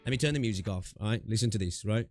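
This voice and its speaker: A man's voice: fairly low pitch, very fast, darkish tone, dry recording, soft background music. A young man chatting casually on a gaming livestream, rambling with lots of fillers and asides, through a close desk mic with noise suppression. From United Kingdom.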